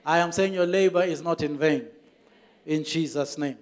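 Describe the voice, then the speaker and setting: A man's voice: fairly high pitch, moderate pace. A Kenyan man preaching a church sermon as the pastor, telling stories with emphatic repetition.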